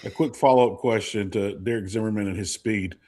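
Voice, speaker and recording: A man hosting a sports interview, a former reporter, asking long, rambling questions with a joking, animated manner. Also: on the low side, a little fast.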